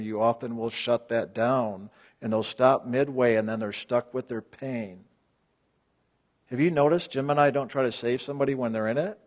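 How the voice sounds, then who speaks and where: His voice mid-range and a little mellow, a man leads a spiritual retreat group in a talk to the participants. He speaks bluntly, fires rhetorical questions at his audience, and has sudden emphatic bursts.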